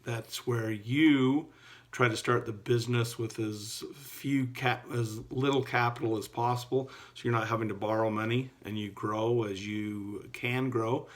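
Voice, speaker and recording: A middle-aged male entrepreneurship teacher giving a recorded class update in a relaxed, folksy way with many fillers. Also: medium pitch, measured pace.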